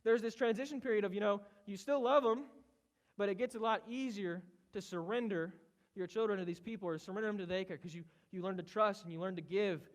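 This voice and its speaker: A man with a hoarse voice from a cold, giving a casual, conversational sermon as pastor. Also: high-pitched, a little fast. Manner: casual, conversational preaching with rising intensity. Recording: muffled, with loud guitar behind. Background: worship team playing guitar.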